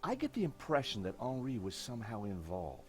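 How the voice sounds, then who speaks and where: A quick-witted male investigator from an adventure game who talks wry and self-assured. His pitch sits mid-range and moves around a lot. He sounds like polished game voice acting. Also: huge pitch swings, soft background music.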